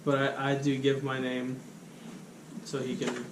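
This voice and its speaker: A man's voice: mid-range voice, completely flat delivery, unhurried, noisy background. Man in an echoey room, dry humor. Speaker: player. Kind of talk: in-character table talk.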